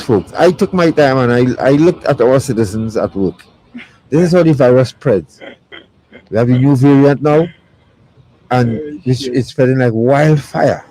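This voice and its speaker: A man's voice: medium pitch, mellow, low-quality recording. A man hosting a live talk show with a Trinidadian accent, chatty and joking, often repeating his words. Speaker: host. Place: radio studio.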